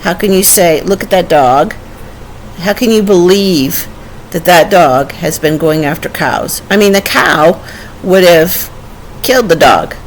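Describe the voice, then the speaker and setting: A woman's voice: lowish voice, measured pace, slight background noise. An older woman telling a personal memory in a conversational way, often restarting and quoting dialogue. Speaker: storyteller. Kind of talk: personal storytelling.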